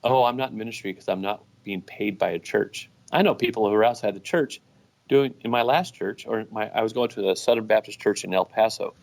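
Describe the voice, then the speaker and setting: Low gravelly-voiced man telling stories. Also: a little fast. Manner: relaxed, anecdotal, many restarts. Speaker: guest, business owner. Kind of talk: casual storytelling.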